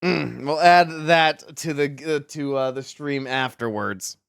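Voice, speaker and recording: Clear-voiced male game streamer. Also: medium pitch, a little slow, fairly bright tone, no room sound, clean studio sound. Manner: rambling, joking, frequent restarts. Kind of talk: casual gameplay commentary.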